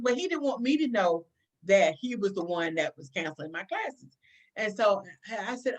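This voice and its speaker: A middle-aged woman, a police chief, telling a career story in an interview, animated, acting out dialogue and often restarting sentences. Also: medium pitch, moderate pace.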